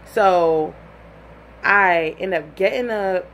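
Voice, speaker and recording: A young woman telling a personal story in a casual, animated way, full of "like" and acted-out quotes. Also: lowish voice, slow pace, slight background noise.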